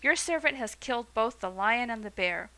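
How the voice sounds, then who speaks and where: A woman voicing the young shepherd David, bold and brave, reading his words earnestly in a bright voice. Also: fairly high pitch, expressive, normal speed, rough recording.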